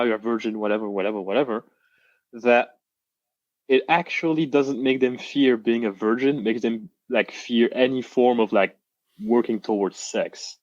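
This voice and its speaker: A man's voice: medium pitch, a little mellow, no room sound. Rambling young man, dull lo-fi sound. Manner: rambling, halting restarts, reenacts quotes. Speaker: coaching client, guest. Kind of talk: casual interview.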